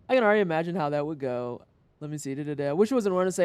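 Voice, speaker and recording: A young adult livestreamer chatting casually to viewers, retelling a work story with animated swings and casual swearing. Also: medium pitch, fast talker, dry recording.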